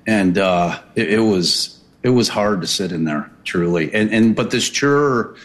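A man recounting courtroom events in a halting way, with many restarts and fillers. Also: lowish voice, expressive. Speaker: courtroom observer and commentator.

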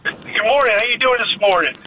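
Caller: very high, lively male voice over a thin phone line, hesitant delivery. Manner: halting, hesitant speech. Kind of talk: phone-in chat. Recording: tinny phone line with faint noise.

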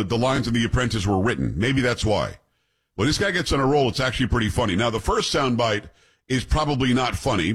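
Husky man giving blunt commentary. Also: lowish voice. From New York. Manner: blunt, scornful commentary with many rhetorical asides. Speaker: show host. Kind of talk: opinion commentary.

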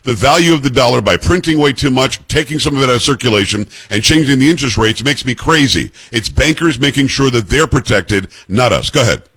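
A husky-voiced man hosts call-in radio from a dry, close studio. He is emphatic and opinionated, pressing his own views hard on his callers. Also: mid-range voice, lively intonation, fairly quick, few pauses, a bit bright, dry recording. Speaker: radio talk show host.

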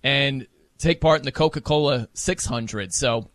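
A man hosting a casual sports talk show, chatting with animated energy and breaking into playful mock voices. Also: medium pitch, a little slow, dry recording. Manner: animated, mimics wrestling announcers for laughs.

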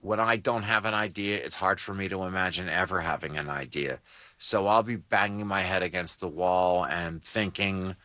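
A man's voice: sits low, fairly even intonation, normal speed, pushed and bright, no echo. A screenwriter in his sixties being interviewed on radio, telling stories in a wry, storytelling way. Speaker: screenwriter guest.

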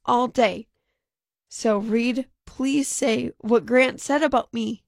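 A woman's voice: a little high, steady tone, slow, creaky, dry recording, clean studio sound. A middle-aged woman on a casual talk show whose voice is still recovering after being lost, telling a story unhurriedly. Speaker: co-host. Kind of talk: casual chat.

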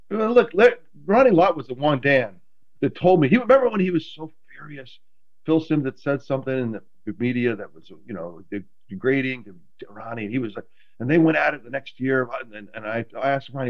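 A man, a guest in a casual interview, telling stories in an animated, self-deprecating way with many restarts. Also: medium pitch, brisk, muffled recording. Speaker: guest, former quarterback.

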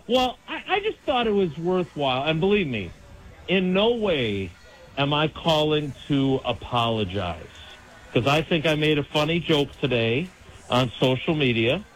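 A man's voice: fairly high pitch, sing-song, unhurried, fairly bright tone, poor audio. A middle-aged man calling in to a radio show on a phone hotline, rambling and joking at his own expense. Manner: rambling, self-mocking, joking. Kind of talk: casual call-in chat.

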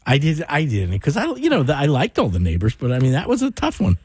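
Husky, animated male radio co-host. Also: fairly high pitch, fast, no echo. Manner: animated, self-mocking storytelling. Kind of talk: casual radio banter. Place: radio studio. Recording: dry studio sound with faint music.

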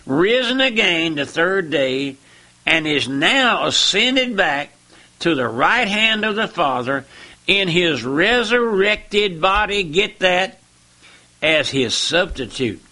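Impassioned preacher man with a lively pitch. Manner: impassioned, swings from low murmurs to high cries; repeats "my friend" and "listen". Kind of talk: fiery sermon.

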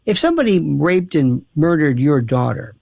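A man hosting talk radio, holding forth in a monologue and voicing the people in his stories as he goes. His voice sits high for a man and swings widely in pitch, with a gravelly rasp. The sound is close and dry on a studio mic. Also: moderate pace, dry recording. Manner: animated storytelling, acting out quoted dialogue. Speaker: radio talk show host.

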